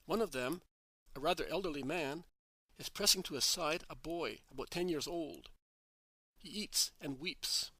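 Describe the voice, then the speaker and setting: A man narrating a religious story in a steady, measured reading. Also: fairly high pitch, no room sound.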